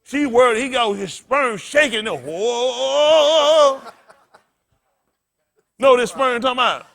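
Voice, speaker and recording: A man's voice: very high voice, slow pace, gravelly, fairly bright tone. A man pastor delivering an impassioned sermon in colloquial, conversational preaching talk that builds into emphatic outbursts. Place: congregation gathering.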